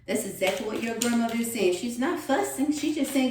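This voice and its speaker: A woman giving a spiritual tarot reading, with a slow, repetitive, earnest delivery. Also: on the high side, darkish tone, slight background noise. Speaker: tarot reader. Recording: echoey room, distant mic.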